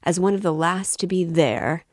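A woman's voice: sits low, animated, unhurried, a little mellow, no room sound, studio quality. A woman reading an audiobook voices an affable, prying older male magistrate who talks with excessive politeness. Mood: amiable probing. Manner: overly polite, familiar, insinuating.

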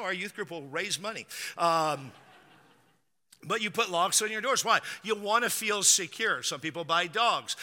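A man's voice: high voice, sharp tone, big-room sound. A man preaching a sermon as a pastor, telling stories in a conversational way with dry jokes.

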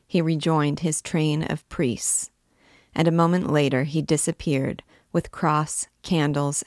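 A woman reading a classic novel aloud in a measured, dramatic way. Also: low-pitched, dry recording, studio quality. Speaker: book reader and guide.

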